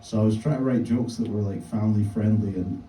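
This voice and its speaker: A man doing a stand-up set in a deadpan, halting way, full of fillers. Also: lowish voice, a little hiss or hum. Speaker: stand-up comedian. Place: comedy club stage. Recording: echoey room mic, from a distance.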